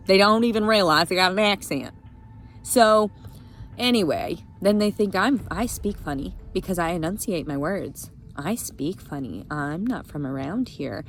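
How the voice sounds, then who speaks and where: A young woman ranting to camera in a vlog, angry and profane, swinging between quiet brooding and loud outbursts. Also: lowish voice, moderate pace. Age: young adult. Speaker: vlogger. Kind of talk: emotional rant to camera.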